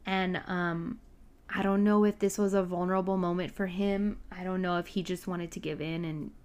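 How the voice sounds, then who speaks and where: A woman's voice: lowish voice, level tone, normal speed, clean tone. Woman chatting thru a bible story, lots of asides and you-knows, laid back. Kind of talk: casual Bible story retelling.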